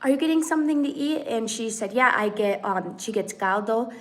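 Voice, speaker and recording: Lively woman telling a story on a livestream. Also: fairly high pitch, a little fast. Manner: animated storyteller, acts out quoted dialogue. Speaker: channel host. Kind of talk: casual live-stream chat. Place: home in Mexico.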